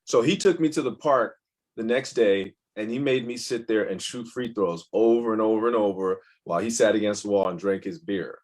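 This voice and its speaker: A man's voice: on the low side, fairly quick, a little mellow. A man, a guest in an interview, telling personal stories candidly in a rambling way, with many restarts. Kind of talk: casual interview storytelling.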